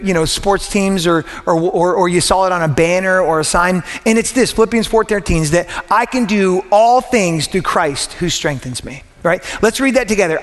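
Male pastor, 30s, high voice, animated sermon delivery with repeated words, long room reverb. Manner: animated, repeats words when excited, rising pitch. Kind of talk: sermon with prayer. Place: church auditorium.

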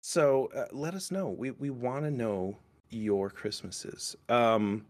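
A man's voice: mid-range voice, slow pace. A young man hosting a podcast, chatting casually and rambling with lots of restarts and swearing. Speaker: podcast host. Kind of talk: casual chat.

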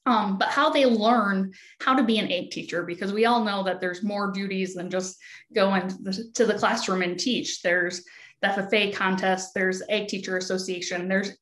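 A woman from Wisconsin with a Midwestern accent, a podcast guest explaining her research in a relaxed way with frequent ums. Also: mid-range voice. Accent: Midwestern American. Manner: easygoing, frequent ums and restarts. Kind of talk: casual interview talk.

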